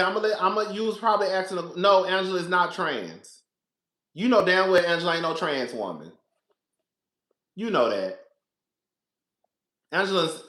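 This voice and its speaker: A man giving casual, animated commentary on a reality show, talking straight to his viewers and calling them girl and baby. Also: high-pitched, reverberant.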